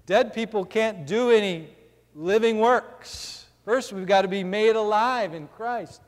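A man preaching a sermon with a somewhat high-pitched voice. He reads scripture slowly, then explains it with simple everyday examples. His voice carries a long reverb, as in a church hall. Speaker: pastor.

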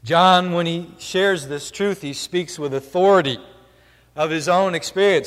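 A man's voice: fairly high pitch, unhurried, a bit bright. A man preaching a sermon, earnestly explaining scripture step by step, in a long church-hall reverb.

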